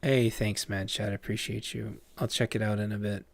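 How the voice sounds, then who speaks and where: A man's voice: on the low side, level tone, a little fast, creaky, no echo. A man chatting casually on a live stream, distracted, rambling and swearing as he mutters to himself.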